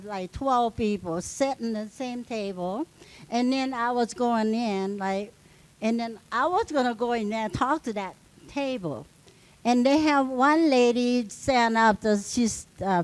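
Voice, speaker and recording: A middle-aged woman, a union member sitting on a panel, tells a story at a live event with a fairly high voice. She's animated and acts out the quoted dialogue. The audio is poor.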